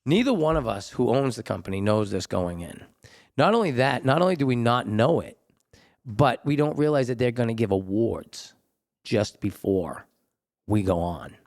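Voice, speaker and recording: A male comedian, hosting and telling stories in a casual chat, animated, jumping into high voices for quotes. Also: moderate pace. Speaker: comedian and podcast host. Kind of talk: casual storytelling.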